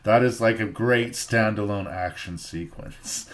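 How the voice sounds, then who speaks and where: A man from Canada hosting a podcast, giving a thoughtful, measured film review in casual chat and repeating phrases for emphasis. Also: lowish voice. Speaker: podcast host.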